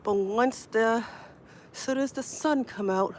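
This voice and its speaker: A woman's voice: fairly high pitch, slow pace, a little mellow. Chatty woman livestreaming outdoors in snow. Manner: chatty, laughs often. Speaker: livestream host. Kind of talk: casual livestream chat. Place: outdoors in snowy weather. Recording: faint wind noise outdoors. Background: wind.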